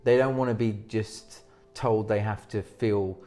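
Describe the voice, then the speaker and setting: Male presentation coach, low-pitched, energetic, restarts sentences mid-thought, faint music underneath. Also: a little slow. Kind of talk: interview advice.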